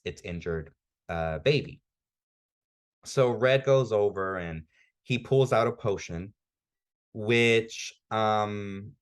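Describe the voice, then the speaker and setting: A man co-hosting a podcast, casually recapping and reviewing a comic chapter with enthusiasm and lots of "like" fillers. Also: on the low side. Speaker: podcast co-host.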